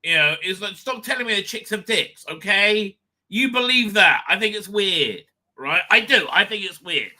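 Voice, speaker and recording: A crude, rambling man hosts his own live stream, laughing often at his own jokes. His voice sits fairly high and sounds sharply bright. His pitch leaps around animatedly as he talks. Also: expressive, moderate pace.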